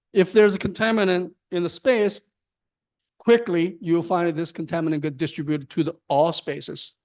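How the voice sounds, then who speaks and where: A man giving an academic lecture on his research, speaking haltingly with restarts and frequent tag questions. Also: fairly high pitch. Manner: halting, repeats words, frequent "right?". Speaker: guest lecturer.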